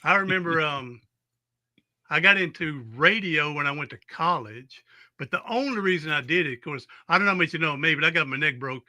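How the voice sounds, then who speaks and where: Host: man, upbeat and folksy, bright higher voice, dry close sound. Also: a little fast. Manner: folksy, exuberant pep talk, rambling asides. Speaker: podcast host. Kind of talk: casual interview chat.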